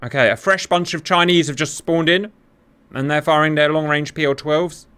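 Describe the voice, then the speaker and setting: A man hosting and commentating a simulated air battle, talking straight to viewers, joking and cheering loudly as it unfolds. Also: a little high, normal speed, very noisy. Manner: animated, jokey, talks to viewers, cheers loudly. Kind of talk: excited gaming commentary.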